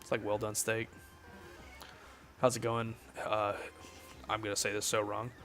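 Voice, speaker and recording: A man's voice: on the low side, completely flat delivery, a little slow, fairly bright tone. A young man chatting casually on a gaming livestream, joking and reading chat aloud, with faint music behind him. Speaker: streamer.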